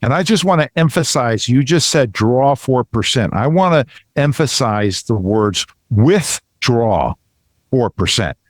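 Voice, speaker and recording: Earnest middle-aged host. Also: male voice, medium pitch, lively intonation, moderate pace, few pauses, no room sound, studio quality. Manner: earnest, repeats himself, restarts phrases. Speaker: podcast co-host, financial advisor. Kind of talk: casual explanatory talk.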